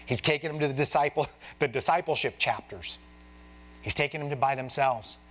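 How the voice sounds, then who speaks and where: In a church sanctuary, a man delivers an expository sermon at a brisk pace in a medium-pitched voice. Treating the congregation like friends, the pastor keeps it casual and conversational, bringing Bible scenes to life by voicing the characters with energy.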